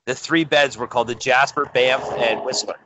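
Laughing, sarcastic Canadian co-host. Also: male voice, medium pitch, steady tone, normal speed, noisy background. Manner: laughs often, sarcastic, swears. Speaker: podcast co-host. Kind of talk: casual podcast chat. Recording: dry, dull lo-fi recording.

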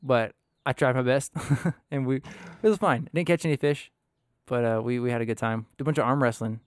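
A man's voice: mid-range voice, steady tone, brisk, no echo, studio quality. A man hosting a casual podcast chat, telling stories with lots of laughter and loose, rambling asides. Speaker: podcast host.

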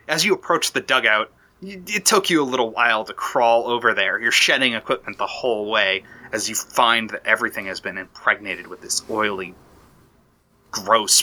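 Bright-voiced male game master. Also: medium pitch. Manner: descriptive, with frequent restarts. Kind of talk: narrating a tabletop war campaign.

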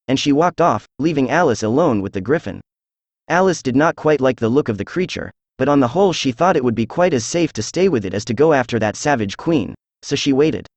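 A synthesized male voice giving an even, measured storybook narration. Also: mid-range voice, dry recording. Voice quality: synthetic computer voice. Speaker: audiobook narrator.

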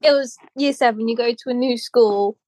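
A woman's voice: on the high side, normal speed, a little mellow, no echo. A young woman co-hosting a casual chat show, rambling through stories with frequent laughs. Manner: chatty, laughs often, rambling asides. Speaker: podcast co-host.

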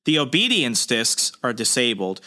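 A man co-hosting a podcast who recaps a comic book animatedly and acts out characters in quick snippets. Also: mid-range voice, very animated, sharp tone. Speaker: podcast co-host.

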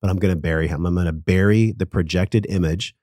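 A man with a low, deep voice speaks as a podcast guest, sharing a personal story with earnest emotion and loose, casual language. The sound is dry and close, as if right on a studio mic with no room around it. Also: fairly even intonation, brisk, dark tone, no echo.

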